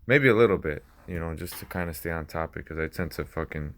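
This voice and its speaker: Deep-voiced rambling man. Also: quick pace, fairly bright tone. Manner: rambling, laughs often, swears casually. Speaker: vlogger. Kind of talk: unscripted casual talk. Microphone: small personal mic.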